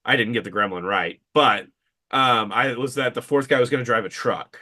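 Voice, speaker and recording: A man's voice: medium pitch, normal speed, pushed and bright. A man co-hosting a casual film podcast, recapping the plot with sarcastic asides. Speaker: podcast co-host. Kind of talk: casual film review chat.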